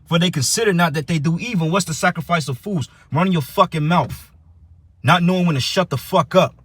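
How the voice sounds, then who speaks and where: A man's voice: a little high, a little fast, a bit bright, no echo. A man teaching for a religious camp, giving a heated, profane preaching rant that reads and explains scripture.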